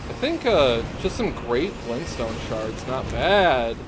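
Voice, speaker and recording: A man's voice: mid-range voice, sing-song, a little slow, few pauses. A young man streaming a game live, chatting casually with lots of swearing and giggling while he plays. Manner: casual, profane, giggly banter. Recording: game music clearly behind voice.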